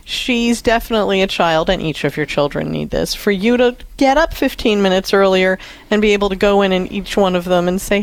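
Woman on an advice show, mid pitch, earnest, talks kinda quick. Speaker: radio show co-host, counselor. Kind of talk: advice talk to a caller.

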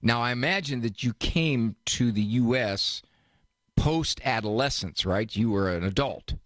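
A man's voice: medium pitch, a little slow, fairly bright tone, no echo, clean studio sound. A man hosting a radio call-in advice show, joking and teasing his caller. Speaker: radio host, advice doctor.

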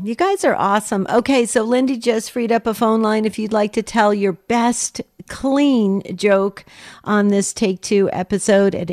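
A woman's voice: medium pitch, darkish tone, no room sound, clean studio sound. Gushing woman co-hosting call-in radio. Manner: gushing, enthusiastic. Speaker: radio show co-host. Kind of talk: casual call-in radio chat.

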